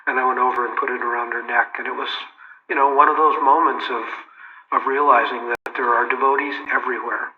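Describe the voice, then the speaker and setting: Older man, relaxed storyteller, loose restarts, medium pitch, dull roomy recording. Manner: unhurried, warm anecdotes with frequent restarts and "you know". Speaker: interview guest recalling memories.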